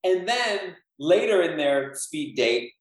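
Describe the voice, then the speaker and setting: Man, podcast co-host, high lively voice, dry wry remarks, roomy echo. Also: slow pace. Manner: dry, wry commentary, teasing his co-hosts. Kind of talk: casual chat.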